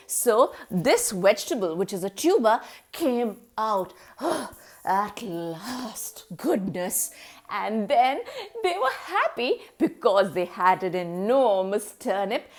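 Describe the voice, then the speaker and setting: A woman's voice: high voice, a bit bright. A woman telling a children's story in a sing-song manner, making animal noises and asking a young listener questions.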